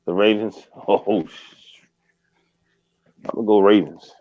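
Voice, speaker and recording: A man with a fairly low voice joins a sports chat as a guest and comes through on dull, lo-fi audio. He speaks loosely and haltingly and is quick to laugh. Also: steady tone.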